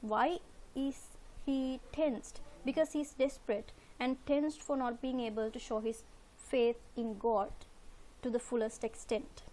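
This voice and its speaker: A woman with a high voice explains a poem to her students slide by slide. She works methodically, repeats key words and poses rhetorical questions that she answers herself. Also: fairly even intonation, unhurried, warm tone. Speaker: literature teacher. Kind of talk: recorded lecture over slides.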